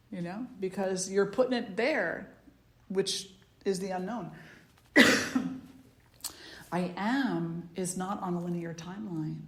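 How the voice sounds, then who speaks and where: A woman spiritual teacher giving a slow, meditative talk, repeating phrases for emphasis. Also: lowish voice, reverberant.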